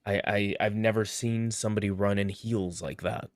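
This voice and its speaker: A man playing a tabletop horror game in character, halting and stammering. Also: fairly low pitch, steady tone. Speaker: player.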